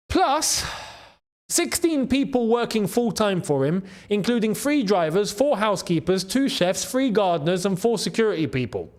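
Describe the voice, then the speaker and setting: A man hosts a football channel, chatting straight to his viewers in a loose, excitable way. His voice sits high and swings widely in pitch, rising sharply whenever something amazes him. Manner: animated, excitable, with frequent laughs and repeated phrases. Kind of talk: casual football commentary to camera. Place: in the Gulf region.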